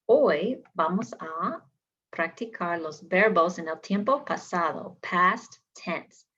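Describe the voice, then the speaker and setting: A woman teaching a Spanish lesson, drilling verb endings slowly and clearly for learners to repeat. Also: on the low side, expressive, bright, forceful tone. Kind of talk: language lesson. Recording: slightly dull lo-fi sound.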